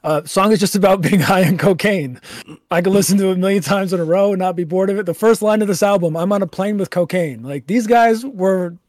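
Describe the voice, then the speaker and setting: An eager male podcast host in casual album-review chat, gushing and swearing freely. His voice sits a bit high but sounds mellow. The recording is dry and close. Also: brisk, no echo.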